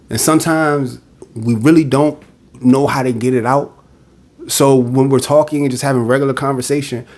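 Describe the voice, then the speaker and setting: A man's voice: medium pitch, darkish tone. Blunt, direct man venting on a podcast. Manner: blunt and direct, acts out quoted voices. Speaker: podcast host. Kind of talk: casual monologue.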